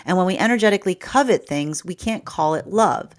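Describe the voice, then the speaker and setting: A woman's voice: on the low side, animated, fairly quick. A woman giving a spoken tarot reading, rambling, with frequent repeated words and fillers. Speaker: tarot reader.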